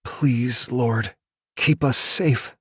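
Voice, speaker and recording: A woman's voice: rumbling low, steady tone, extremely slow, fairly bright tone, slightly rough, no room sound, pitched above the performer's own voice, exaggerated voice. Guy reading as a scared pregnant young woman, anxious and pleading, dry close sound. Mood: frightened. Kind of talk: audiobook dialogue.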